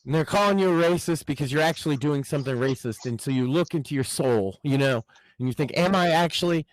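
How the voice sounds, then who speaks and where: A man's voice: mid-range voice, fast, no echo, rough recording. A man filling in as podcast host, talking in a casual, profane, mocking way about politics.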